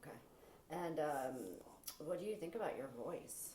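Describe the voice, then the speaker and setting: A woman's voice: low voice, expressive, moderate pace, mellow, poor audio. A woman interviewer asking brief, plain questions.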